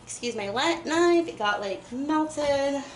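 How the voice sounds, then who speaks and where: A young woman rambles and giggles as she bakes. Her voice bounces around an echoey home kitchen. Knife chopping and clattering dishes are clearly heard behind her. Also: sits high, expressive, slow pace, noisy background. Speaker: vlogger. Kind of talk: casual kitchen chat while baking. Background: chopping and clinking dishes.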